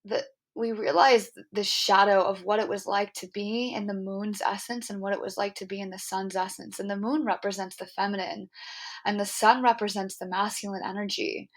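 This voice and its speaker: Earnest young woman podcaster telling a story. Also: medium pitch. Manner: earnest, animated, heavy use of "like" and "um". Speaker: podcast host. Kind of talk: personal storytelling monologue.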